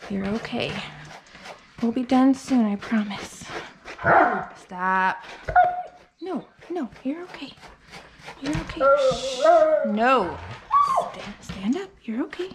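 A woman grooming a dog, talking casually and coaxing it softly as she works. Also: a little high, lively intonation, takes it slowly, pauses often, very noisy. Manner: soothing and coaxing, talks to the dog. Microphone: phone.

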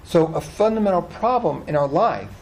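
A man preaching a sermon as pastor of a church, animated, often asking the congregation questions. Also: fairly high pitch, moderate pace, slight background noise, rough recording. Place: church hall.

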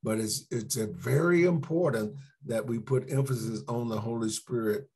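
A man pastor teaching a church Sunday school class, unhurried, repeating key words for emphasis and putting questions to the class. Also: mid-range voice, darkish tone, slightly rough.

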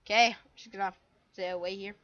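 A woman's voice: mid-range voice, fairly even intonation, quick pace, fairly bright tone, dull audio. A woman giving casual, goofy commentary while playing a game, full of silly sound effects. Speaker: gamer.

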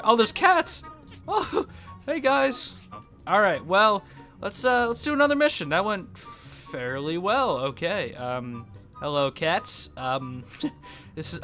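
A young man gives let's-play commentary in a high, lively voice that swings widely in pitch. He sounds bright and edgy, laughs often and yelps when something surprises him. Faint music plays underneath. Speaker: gaming YouTuber.

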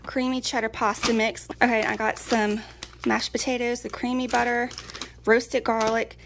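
A woman's voice: fairly high pitch, flat delivery, moderate pace, vocal fry, a little hiss or hum. A woman, chatting casually through a food haul. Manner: chatty, folksy, laughs often. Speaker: prepping vlogger. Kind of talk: casual pantry haul chat.

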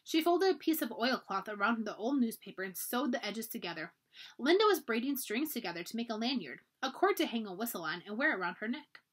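Expressive woman reading a children's book. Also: on the high side, fairly quick. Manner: expressive storytelling. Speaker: librarian reading aloud. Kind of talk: children's book read-aloud.

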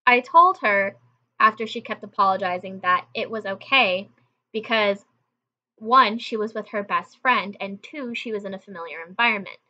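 Speaking at a normal speed, this young channel host sounds pushed and bright in a medium pitch, with the upper frequencies trimmed away. She's telling a story in a relaxed, conversational way, talking directly to the people watching.

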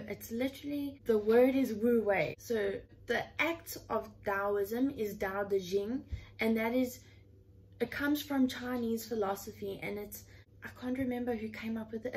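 A woman's voice: on the high side, darkish tone, a little hiss or hum, rough recording. A woman in her twenties talking in a casual, heartfelt way from her room at home, earnest and chatty, often leaning on the word "literally.". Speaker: vlogger.

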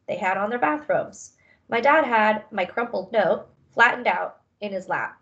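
A woman's voice: medium pitch, lively intonation, a little slow, fairly bright tone, muffled recording. Woman reading a children's novel aloud. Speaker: reader.

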